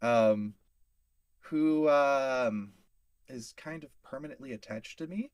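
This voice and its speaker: A man with a mid-range voice speaks slowly as a player in a casual tabletop role-playing game. He talks hesitantly with many fillers, in a dry recording.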